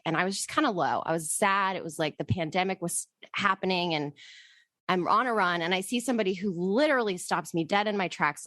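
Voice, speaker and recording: A woman's voice: lowish voice, a bit bright, dry recording. A woman podcast co-host telling a personal story in casual chat, emotional and rambling, swearing freely.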